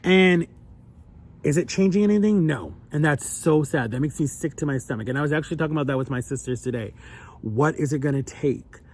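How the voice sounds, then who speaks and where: A man's voice: on the high side, brisk, darkish tone, a little hiss or hum. A young adult man talking earnestly and emotionally in a personal vlog, his voice climbing when he gets upset. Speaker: vlogger.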